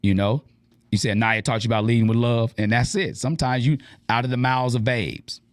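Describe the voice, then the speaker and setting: A man's voice: mid-range voice, steady tone, a little fast, no echo. A man hosting an advice radio show, talking casually and animatedly in slang and acting out the lines he quotes.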